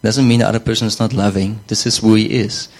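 A man's voice: fairly low pitch, steady tone, fast talker, poor audio. A man preaching a sermon in a conversational way, often repeating words and saying "you know".

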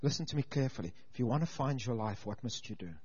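A man preaching a sermon with stories and humor, swinging from loud emphasis to quiet intensity. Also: mid-range voice, animated, racing, breathy edge, in a large hall. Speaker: pastor and teacher. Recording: dull lo-fi sound.

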